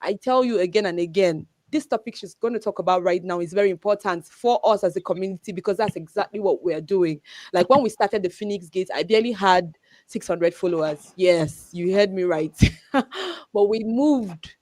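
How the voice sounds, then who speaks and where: A woman's voice: mid-range voice, normal speed, a little mellow, no echo. A woman hosting a live community session, thanking speakers and introducing the next one with enthusiasm. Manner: enthusiastic, encouraging. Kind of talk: hosting a live online event.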